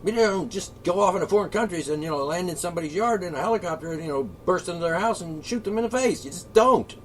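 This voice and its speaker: A man with a high voice rants alone, swearing freely and dripping with sarcasm. He swings from shouting to low mutters. Faint background hum sits under his voice. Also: animated, quick pace. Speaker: political commentator. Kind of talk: angry solo rant.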